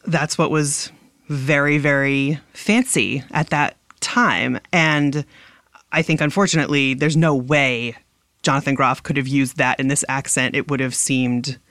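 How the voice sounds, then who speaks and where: A woman's voice: extremely low pitch, fairly even intonation, unhurried, a bit bright, no echo. A woman in a casual podcast chat, breaking down accents with eager, analytical detail. Her voice is recorded dry and close, with no room sound. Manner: analytical, enthusiastic about accents.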